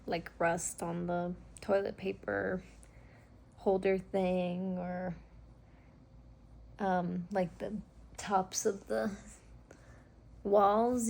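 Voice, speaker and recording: A woman's voice: mid-range voice, creaky, mellow. A woman chatting in a casual vlog from a hotel room, rambling with lots of fillers and swearing freely. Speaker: vlogger.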